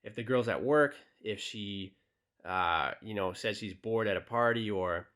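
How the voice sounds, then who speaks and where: This young man, whose voice sits fairly low, takes his time as he gives dating advice. His tone is relaxed and direct, full of fillers, and the casual lesson includes text messages he reads aloud.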